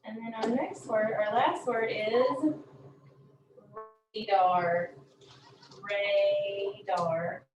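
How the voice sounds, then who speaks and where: A woman teaching a phonics lesson, saying each word slowly and repeating it several times. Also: a little high, expressive, over music. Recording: echoey room from a distance.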